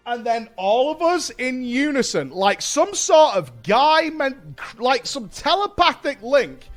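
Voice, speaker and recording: A man chats to his stream audience in a high, very lively voice, telling a story and acting out the people in it. He swears freely as he goes. Faint music plays softly behind him. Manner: animated, swears a lot, acts out quotes. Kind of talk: casual storytelling to stream chat.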